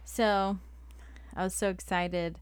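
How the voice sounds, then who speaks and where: A woman's voice: medium pitch, steady tone, slow, clean tone, no echo, clean studio sound. A woman co-hosting a podcast in casual chat, laughing along and telling stories at an easy pace. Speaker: podcast co-host.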